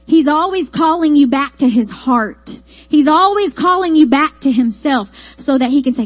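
East texas lady preaching, high voice, folksy and lively, dry close sound. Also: moderate pace, hardly any pauses, no echo, low-quality recording. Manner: folksy, animated storytelling with repeated phrases. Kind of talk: sermon.

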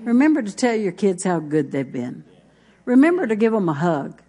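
A woman's voice: mid-range voice, very animated, moderate pace, mellow, husky. A middle-aged woman pastor, preaching a folksy sermon full of stories. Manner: folksy, storytelling, with congregation responses.

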